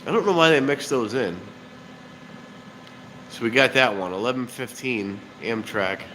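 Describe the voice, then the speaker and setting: A man's voice: mid-range voice, unhurried, sharp tone, low-quality recording. Chatty nasal man streaming on a phone. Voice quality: nasal, congested. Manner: rambling, chatty, reads comments aloud. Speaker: live streamer, train-watching channel host. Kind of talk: casual live-stream chat. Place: outdoors by railroad tracks at night. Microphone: phone held in hand. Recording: outdoor noise on a handheld phone.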